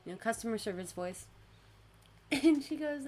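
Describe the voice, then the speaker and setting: A woman's voice: measured pace, slight background noise. A young woman hosting a casual podcast, telling work stories with lots of laughter and acted-out voices. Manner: animated storyteller, acts out customers in high voices, laughs often. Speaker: podcast host. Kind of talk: casual chat.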